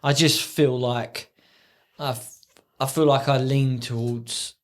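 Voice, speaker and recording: A man co-hosting a casual podcast chat, telling stories animatedly and acting out quotes in a high voice. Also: fairly even intonation, slow pace. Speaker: podcast co-host.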